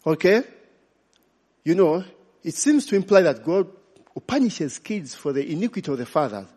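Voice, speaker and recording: A man's voice: a little high, very animated, normal speed, darkish tone, husky. A man preaching a sermon, asking the congregation questions and slipping in Luganda phrases. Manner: call-and-response, asks congregation questions. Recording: long reverb of a large hall.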